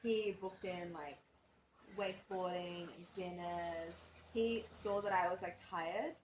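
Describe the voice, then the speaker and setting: A woman's voice: fairly low pitch, steady tone, takes it slowly, slight background noise, poor audio. A young woman from Australia co-hosting a podcast, telling a story in casual chat, swearing often and acting out quotes. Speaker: podcast co-host.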